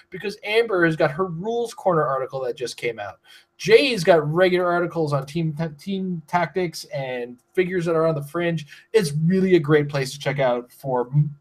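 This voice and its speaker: Young male podcast host, slightly high voice, loose and rambling delivery. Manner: rambling, restarts with frequent fillers. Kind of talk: casual podcast chat reading sponsor spots.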